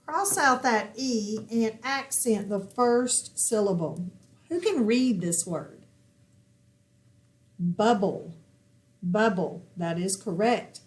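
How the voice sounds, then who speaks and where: A woman's voice: medium pitch, takes it slowly, pauses often. A woman teaching a phonics lesson at a whiteboard, patiently asking questions and answering them herself. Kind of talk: recorded classroom lesson at a whiteboard.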